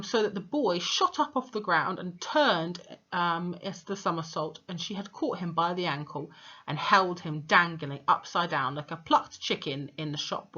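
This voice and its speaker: A woman reading a children's novel aloud, pausing to explain the story, on a dull lo-fi recording. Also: lowish voice, bright, forceful tone.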